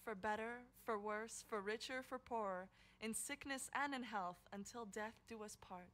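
A woman putting on the voice of a solemn mock wedding officiant, reciting vows in a hushed, ceremonial tone. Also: a little high, moderate pace, natural voice.

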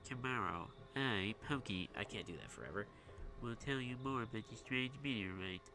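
A man's voice: on the low side, lively intonation, moderate pace, creaky, noisy background. A man voicing a bossy, whiny neighbor boy in a game.

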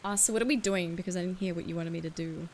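A woman's voice: on the low side, very fast, a little hiss or hum. A woman livestreaming a video game, chatting casually and swearing freely as she answers her viewers. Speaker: streamer.

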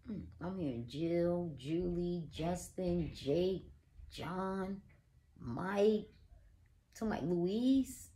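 A woman with a low voice runs a casual tarot reading. She is blunt and profane and keeps addressing the listener directly. A faint background noise sits under the recording. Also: lively intonation, drawn-out words, mellow. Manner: blunt, profane, emphatic, talks to viewer as "girl". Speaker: tarot reader.

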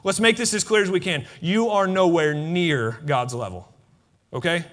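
Animated high-voiced preacher man. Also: normal speed. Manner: animated, talks to the congregation directly with repeated phrases. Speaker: pastor. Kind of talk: sermon. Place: church sanctuary.

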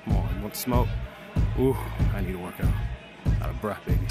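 A man from the Washington DC area, out of breath, hosting hyped VR boxing gameplay commentary full of loud, playful trash talk. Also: deep voice, expressive, brisk, gravelly, pauses often. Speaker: gaming channel host. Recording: voice over loud game music. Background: loud music.

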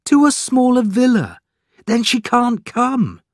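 A man's voice: extremely high pitch, sing-song, slow, no echo, studio quality, voice pushed up, full character voice. A man doing a bossy, lazy eldest brother. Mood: protesting.

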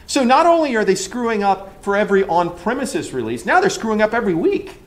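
A man in charge of a large engineering team gives an animated, joking conference talk in a ranting manner. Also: high voice, brisk. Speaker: engineering leader. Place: conference room.

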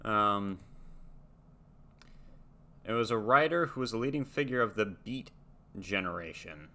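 Hosting a reaction video, this young American casually reads out facts and muses, letting his thoughts trail off. His voice is on the low side, animated, pushed, and bright, and he takes an unhurried pace.

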